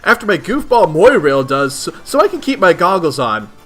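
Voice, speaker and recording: A man voicing a bubbly, excitable young female sea alien who keeps saying "glub" while reading a webcomic aloud. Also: high voice, normal speed, faint music behind, full character voice. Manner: gushing, says "glub" over and over.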